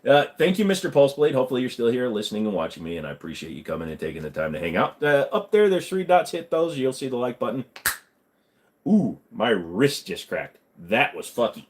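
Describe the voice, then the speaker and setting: Male streamer, casual Q&A, crude jokes and cursing, lively pitch. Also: a little fast, a little hiss or hum. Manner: crude, joking, swears freely. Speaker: livestream host.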